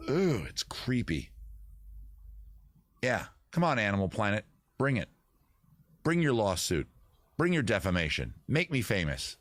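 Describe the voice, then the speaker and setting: Host, male, low lively voice, jokey and rambling, dry close boom mic. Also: normal speed, no room sound. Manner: rambling, jokey, self-interrupting. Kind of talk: casual live-stream chat. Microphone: tabletop boom mic.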